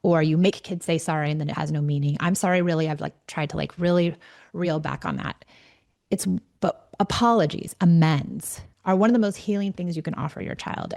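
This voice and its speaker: A woman's voice: on the low side, darkish tone. A middle-aged woman hosting a parenting podcast, talking earnestly and directly and sometimes restarting her words. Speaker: parenting coach and podcast host. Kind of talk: solo podcast talk.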